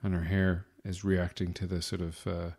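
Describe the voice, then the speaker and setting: A man's voice: deep voice, level tone, moderate pace, vocal fry, darkish tone. An Irish man hosting a podcast, delivering a rambling, self-deprecating comic monologue with a wry manner. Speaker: podcast host.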